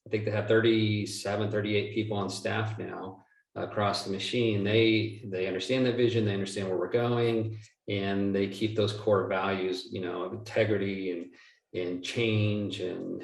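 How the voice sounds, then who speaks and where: Here's a gravelly, lowish male voice, steady and at normal speed, belonging to a real estate investor being interviewed. His first language isn't from the United States, and his replies wander, joke around, and double back to fix themselves, all caught on a far-off mic in a roomy space.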